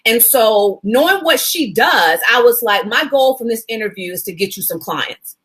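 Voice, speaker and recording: A woman's voice: fairly high pitch, expressive, normal speed, a bit bright, slightly rough. A woman media coach chatting casually to her viewers, greeting them by name as she tells a story. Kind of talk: casual live video chat. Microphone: phone.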